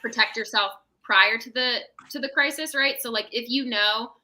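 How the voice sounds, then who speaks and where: Bright-voiced woman giving parenting advice. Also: fairly high pitch, normal speed, poor audio. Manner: explanatory, tags statements with "right?". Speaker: mental health professional guest. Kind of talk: casual advice chat.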